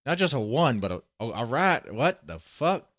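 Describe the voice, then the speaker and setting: A man's voice: mid-range voice, very animated, moderate pace, a bit bright. A man reacting to a video on a live stream, greeting chatters and ranting with heavy swearing. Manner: profane, ranting, mocking. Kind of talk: casual live-stream commentary.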